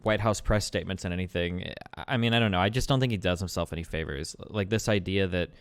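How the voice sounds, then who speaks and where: A man's voice: low voice, clear, resonant tone. A man hosting a stream, arguing politics casually with a caller, blunt and full of fillers and swearing. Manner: talks fast with many fillers, blunt and swearing. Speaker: streamer host debating a caller.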